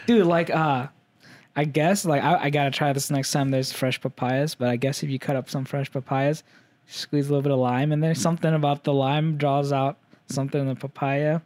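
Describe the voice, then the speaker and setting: A man chatting casually on a podcast, excitable and jokey, filling his talk with "like" and "dude". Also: on the high side, brisk. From Vietnamese family background.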